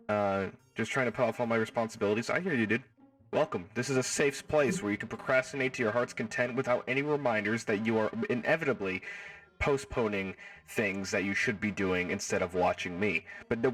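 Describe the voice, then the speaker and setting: A man's voice: on the low side, a bit bright. Man, casual live stream host, jokey, swears, distant mic, faint music behind. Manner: playful, jokey, swears freely. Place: home.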